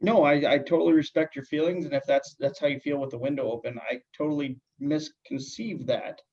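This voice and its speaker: A man playing calm coworker Tom. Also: a little high, breathy edge. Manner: halting, hesitant, agreeable. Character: calm male office coworker Tom, agreeable. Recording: dull lo-fi sound.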